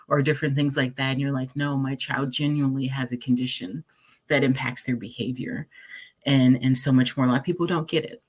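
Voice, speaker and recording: A woman's voice: rumbling low, fairly quick. A woman life coach giving a recorded encouraging presentation, earnest and conversational, reading affirmations aloud with the odd repeat and filler.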